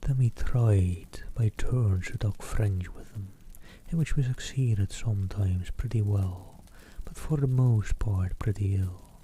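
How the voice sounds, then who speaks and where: Male ASMR reader, whispered reading from close up, very dark mellow tone, faint hiss behind. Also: fairly low pitch, slow, hardly any pauses. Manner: soft unvoiced whisper, reading a travel book aloud; self-deprecating asides between passages. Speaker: ASMR streamer.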